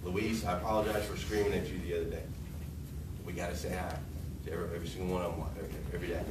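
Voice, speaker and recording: Brash low-voiced man giving a pep talk. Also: little pitch movement, rapid-fire, distant mic. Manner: brash, joking, motivational. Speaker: car dealership manager. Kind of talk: morning sales meeting pep talk. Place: car dealership showroom. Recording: roomy, off-mic with room noise.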